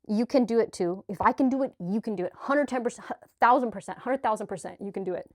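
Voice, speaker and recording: A woman's voice: a little high, quick pace, no room sound, clean studio sound. Earnest, gushing woman vlogger. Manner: earnest, gushing, with restarts and filler. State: sweaty, a little choked up. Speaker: spiritual vlogger. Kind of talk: heartfelt direct-to-camera vlog.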